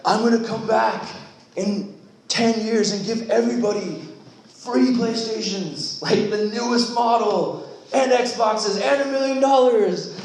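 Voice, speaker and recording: A man voicing an excited male alien visitor who eagerly announces big news in a raised voice. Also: sits high, measured pace, voice pushed up. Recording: roomy echo.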